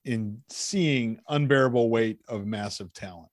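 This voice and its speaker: A man's voice: medium pitch, a little slow, dry recording. Dry-voiced man in his forties hosting. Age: 40s. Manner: relaxed, laughs often, leads the segments. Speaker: podcast host. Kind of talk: casual chat.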